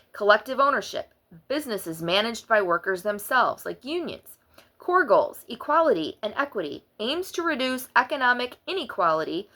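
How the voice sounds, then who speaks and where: A woman's voice: medium pitch, a bit bright. A middle-aged woman summarizing the day's news in a casual, sarcastic and exasperated way, as the host of her channel. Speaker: political commentary vlogger.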